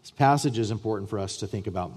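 A man pastor preaching a sermon to his church, emphatic, with repeated starts and swings between loud and soft. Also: on the low side, fast, slightly rough. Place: church sanctuary.

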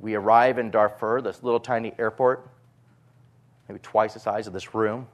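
Male preacher, lively storyteller, quick bursts, repeats himself, live audience in a room. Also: lowish voice. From United States. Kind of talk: sermon with personal storytelling.

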